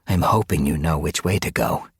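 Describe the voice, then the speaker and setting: A man's voice: a bass voice, expressive, moderate pace, gravelly, breathy edge, no room sound, clean studio sound, exaggerated voice. A man reading an audiobook, voicing a practical female warrior cat in a firm, no-nonsense way. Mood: brisk.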